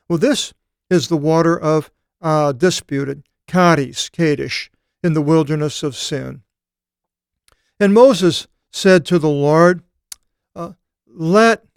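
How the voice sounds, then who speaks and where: A man teaching a Bible study seminar, reading scripture aloud and explaining it, with thoughtful pauses and occasional fillers. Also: fairly high pitch, smooth, dry recording, studio quality.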